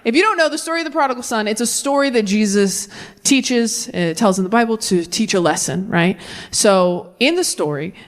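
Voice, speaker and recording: Animated woman doing stand-up. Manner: animated, swinging into high-pitched voices for quoted friends. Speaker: stand-up comedian. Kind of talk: stand-up comedy set.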